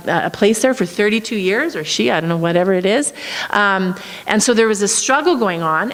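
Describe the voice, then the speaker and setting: Woman telling a missions story in a hall. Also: medium pitch. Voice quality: earnest storytelling with filler words. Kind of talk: church missions testimony.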